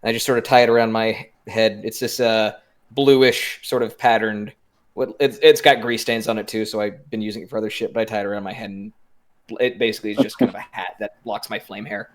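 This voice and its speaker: A man's voice: lowish voice, steady tone, fairly quick. A man playing a tabletop game, describing his character in a rambling, hesitant way. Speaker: player. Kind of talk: casual tabletop role-play.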